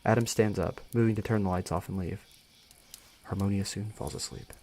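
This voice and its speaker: Low-voiced man reading a story live. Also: fairly even intonation, a little fast, warm tone, slight background noise. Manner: casual, stumbles and rereads lines. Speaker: story reader.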